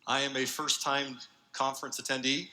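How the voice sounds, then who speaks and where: A man giving an earnest conference talk as a university researcher, speaking haltingly with many fillers. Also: medium pitch, flat delivery, very noisy. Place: large convention hall.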